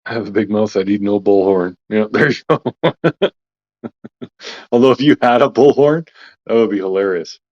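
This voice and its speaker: A man's voice: fairly low pitch, normal speed, pauses often, a little mellow, dull audio. A Canadian man co-hosting a casual live chat, joking and laughing often as he talks. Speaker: co-host of a live chat stream.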